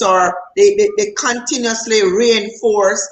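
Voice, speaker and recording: A woman host asks her questions slowly and with care, probing for a clearer answer. Her mid-pitched voice carries a noticeable room echo. She speaks in a measured, unhurried way. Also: steady tone. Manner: slow, probing, asks for clarification. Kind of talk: interview questions. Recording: echoey room.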